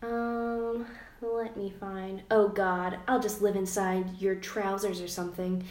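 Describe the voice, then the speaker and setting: A woman's voice: mid-range voice, little pitch movement, slow pace, a little mellow. A woman chatting casually on a podcast, gossiping playfully and laughing often. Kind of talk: casual chat. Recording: roomy echo.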